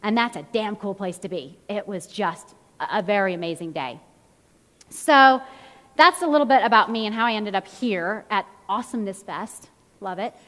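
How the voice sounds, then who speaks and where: A woman in her thirties gives a motivational talk as a fitness trainer, with a voice of ordinary pitch for a woman. She tells her stories with lively energy and acts out quotes from the people in them. Her voice rings with the long reverb of a large hall. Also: moderate pace. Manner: animated storyteller, acts out quotes.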